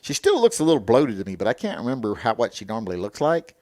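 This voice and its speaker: A man hosting a livestream, chatting casually and answering comments in a blunt, lecturing tone. His voice sits at an ordinary middle pitch. The sound is dry and close, with no room echo. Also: wildly swooping pitch, fast talker, darkish tone. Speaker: livestream host. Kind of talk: casual livestream chat, reading viewer comments.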